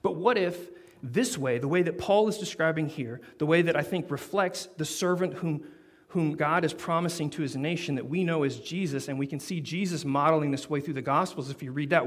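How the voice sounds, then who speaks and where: Animated preaching man, rising emphasis. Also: fairly high pitch, brisk. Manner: animated, builds to emphatic peaks, storytelling. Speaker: pastor. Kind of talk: sermon.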